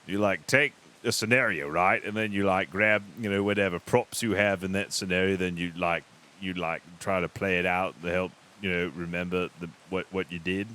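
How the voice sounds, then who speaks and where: A man's voice: deep voice, steady tone, moderate pace, few pauses, bright, forceful tone. A man speaking in character in a roleplay, playful and teasing, rambling with many fillers. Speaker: roleplay player as a captain character.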